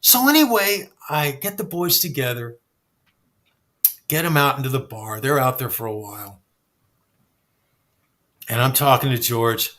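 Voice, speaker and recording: A man telling backstage stories in a casual chat, animated and swearing freely. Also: mid-range voice, unhurried, long pauses. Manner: animated, acts out quoted dialogue, swears freely. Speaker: guest storyteller.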